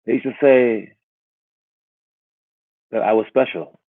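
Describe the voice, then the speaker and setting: A man's voice: lowish voice, steady tone, takes it slowly, dry recording. A man giving a casual motivational talk as a coach, rambling and asking "all right?" again and again. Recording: tinny phone-like audio.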